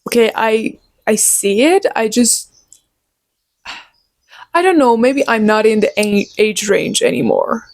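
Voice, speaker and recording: A young woman in her twenties chatting casually to her viewers about a book, animated and opinionated. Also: fairly high pitch, unhurried, vocal fry, pauses often. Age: 20s. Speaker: book vlogger. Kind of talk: casual chat.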